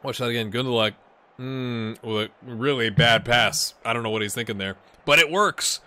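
This let's-play host speaks at a normal speed in a mid-range voice with a bright, forceful tone. Playing a football management game, he stays chatty and pokes fun at himself, trading jokes and muttered remarks with no one in particular.

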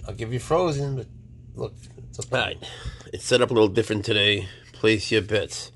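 A man's voice: on the low side, brisk, fairly bright tone, slightly rough. A man who keeps exotic pets, chatting casually to his animals and coaxing them, with muttered swearing asides. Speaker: exotic pet keeper.

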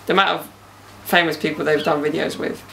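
A man's voice: a little high, fairly even intonation, a little fast, vocal fry, sharp tone, a little hiss or hum. A young man hosting a casual podcast outdoors in a garden, bantering and joking with slang. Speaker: podcast host.

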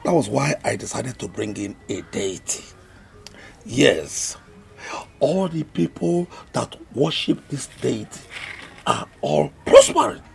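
An actor with a Nigerian accent playing a scheming older uncle who talks slowly and defiantly in a film drama. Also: male voice, mid-range voice, very animated, soft background music, heavily acted. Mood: persuasive. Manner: gravelly, slow and indignant.

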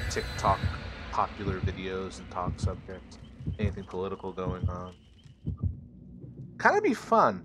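A man's voice: low voice, background noise. A man streaming a horror game, chatting casually and joking around with silly made-up names. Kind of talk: casual gaming chat.

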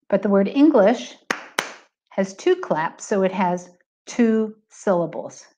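A middle-aged woman teaching a recorded lesson, explaining patiently and slowing down to stress examples. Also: medium pitch, darkish tone. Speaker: Hebrew teacher.

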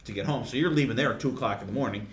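A man's voice: medium pitch, very fast. A man co-hosting a podcast, chatting with a guest in an enthusiastic, chummy way with casual swearing. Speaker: podcast co-host. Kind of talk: casual interview chat. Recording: roomy echo.

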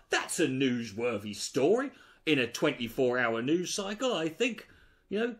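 Guy ranting sarcastically at a clip, voice jumps all over, kinda high. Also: very animated, unhurried. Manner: mocking, sweary, exasperated. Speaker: commentary host. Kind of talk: sarcastic reaction commentary.

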